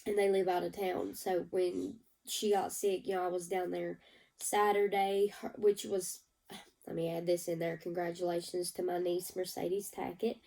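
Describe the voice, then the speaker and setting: A woman's voice: on the low side, little pitch movement, moderate pace, vocal fry, dark tone, far from the mic, low-quality recording. A woman giving a rambling, emotional personal update to her viewers. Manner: emotional, rambling, teary at times. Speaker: vlogger.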